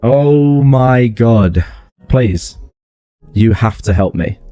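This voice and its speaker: A man's voice: mid-range voice, expressive, extremely slow, dark tone, no echo. A man voicing a frightened young woman who pleads and stammers on a jail phone call. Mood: pleading.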